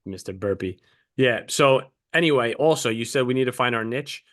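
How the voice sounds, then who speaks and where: A man's voice: mid-range voice, lively intonation, normal speed, a bit bright. A man co-hosting a casual podcast, telling rambling stories in a laid-back way and swearing now and then. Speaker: podcast co-host.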